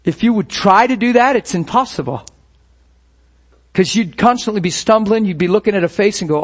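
Male pastor, high voice, conversational sermon, acts out inner thoughts, laughs easily. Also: expressive, fairly quick.

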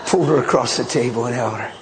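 A man preaching a sermon as a pastor, telling stories in a blunt, animated way. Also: medium pitch, heavy background noise. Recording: long hall reverb, faint ambience.

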